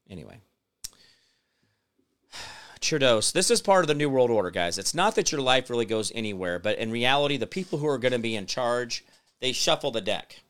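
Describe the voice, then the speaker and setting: A middle-aged man hosting his own show, reading an article aloud and mocking it, breaking into loud outbursts. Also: a little high, very animated, a little fast. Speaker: show host. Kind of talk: solo commentary reading an article.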